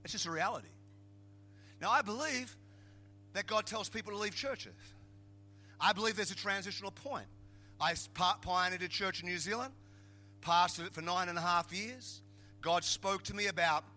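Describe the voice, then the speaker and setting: A middle-aged Australian man preaching a humorous sermon as a pastor, telling jokey stories in an animated way and building to emphatic shouts. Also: sits high, normal speed, long pauses, faint music behind.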